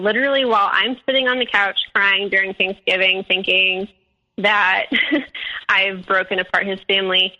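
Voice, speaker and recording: Woman guest, animated storyteller, bright higher voice, lo-fi call sound. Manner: animated, quotes both sides of arguments. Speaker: guest sharing her story. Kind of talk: casual storytelling. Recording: lo-fi call audio.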